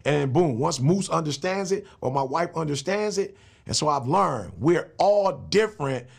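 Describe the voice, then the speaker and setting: A man's voice: a little high, animated, normal speed, gravelly, husky. A middle-aged man, a motivational speaker and pastor, talking as a guest in an emphatic, slangy, preacher-like way. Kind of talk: casual interview talk.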